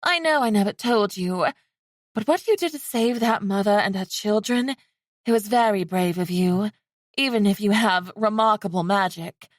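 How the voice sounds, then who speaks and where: A woman voicing a sheltered young princess who talks in a high, eager, breathless way. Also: normal speed, no room sound, studio quality, lightly acted.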